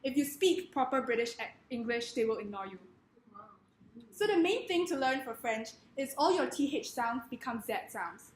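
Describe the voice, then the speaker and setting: High voiced woman doing a deadpan comedy talk, echoey room, little bit of hiss. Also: moderate pace. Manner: deadpan, wry. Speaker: presenter. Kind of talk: comedic presentation.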